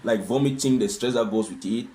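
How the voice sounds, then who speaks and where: A man's voice: lowish voice, fairly quick, dark tone. Earnest man answering interview questions. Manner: earnest, asks rhetorical questions. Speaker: husband sharing his experience as a guest.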